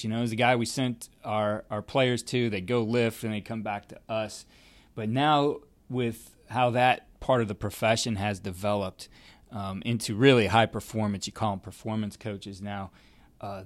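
A man hosting a podcast, talking in a loose, conversational way. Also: on the low side. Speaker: podcast host. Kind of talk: casual interview chat.

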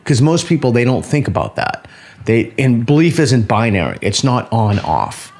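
A man's voice: medium pitch, very animated, moderate pace, a little mellow. A man in a conversation who talks directly and cuts in to question what is said. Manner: direct, interrupting. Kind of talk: conversational interview.

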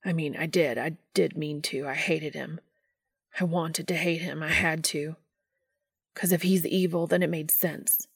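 A gruff, guilt-ridden man, as a woman reads him aloud, talking in a hushed, strained near-whisper. The voice is slow and deeply gravelly, with a husky, breathy edge. The sound is dry and close. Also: no echo, heavily acted.

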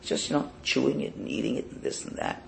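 Man, rabbi, storytelling sermon, animated, gravelly, faint background noise. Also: medium pitch, fast talker, poor audio. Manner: animated storyteller, acts out the voices in his tales. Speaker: rabbi teaching a Torah lesson.

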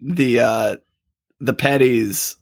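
A man's voice: medium pitch, fairly even intonation, drawn-out words, creaky, no echo. A man in his thirties co-hosting a podcast, joking and telling rambling stories in casual banter. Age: 30s. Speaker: podcast co-host.

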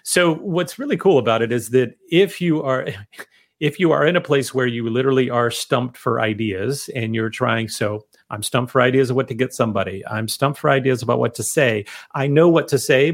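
Man, middle-aged, co-host, casual tech talk, animated, mid-pitched voice. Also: normal speed.

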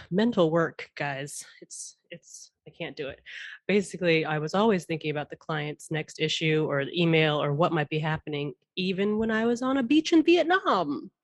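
A woman in her thirties, a podcast guest, talking in a chatty, animated way and laughing often. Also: deep voice, dry recording. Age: 30s. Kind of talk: casual interview chat.

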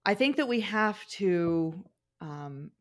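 A woman's voice: mid-range voice, lively intonation, takes it slowly. A middle-aged woman co-hosting a podcast, telling family stories in a casual chat, with frequent fillers and restarts. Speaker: podcast co-host.

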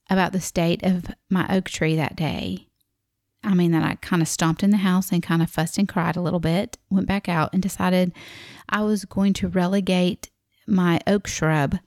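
With a lowish voice and a Southern accent, this middle-aged woman from the American South chats animatedly through a personal story, performing the voices of those she quotes. The recording is dry and studio quality.

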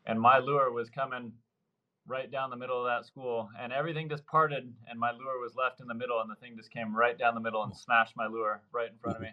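A man in his thirties spins a casual story as a podcast guest, slipping into the voices of the people in it. His voice sits at an ordinary middle pitch. The audio is a touch dull and lo-fi. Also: fairly quick. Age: 30s. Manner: lively storyteller, acts out quoted dialogue. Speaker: surf fishing guide, podcast guest.

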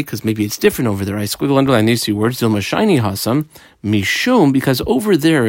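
A man's voice: medium pitch, no echo. Guy teaching talmud, reads the aramaic then explains it, lots of uh's, dry close sound. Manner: reads Aramaic text aloud and translates it line by line; explanatory, with frequent fillers and asides. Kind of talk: daily Talmud lesson.

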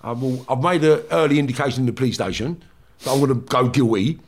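Man doing a sheepish young con, low mumbly stumbling voice. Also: natural voice. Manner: mumbling, halting repetitions. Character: young male prisoner, sheepish and resigned.

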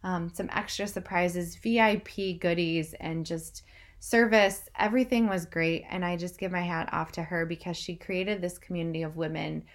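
A woman's voice: fairly low pitch, fairly even intonation, moderate pace. A young woman vlogging an enthusiastic, emotional recap that she speaks straight to her viewers. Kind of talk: casual vlog recap.

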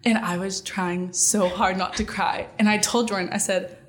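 A woman's voice: medium pitch, steady tone, moderate pace. A young woman on a podcast, telling stories in a casual chat, rambling with lots of fillers and frequent laughs. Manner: giggly, rambling storyteller with many fillers. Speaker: guest, friend.

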